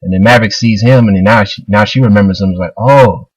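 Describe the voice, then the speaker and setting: A man's voice: on the low side, fairly even intonation, racing, breathy edge, dry recording, rough recording. A man casually retelling a manga chapter, loose and rambling, full of fillers. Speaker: manga reviewer.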